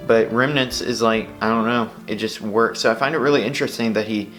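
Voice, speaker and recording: A man's voice: medium pitch, fairly quick, fairly bright tone. A man who composed the music talks modestly and casually in a behind-the-scenes interview, dropping in "like" often. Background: faint music.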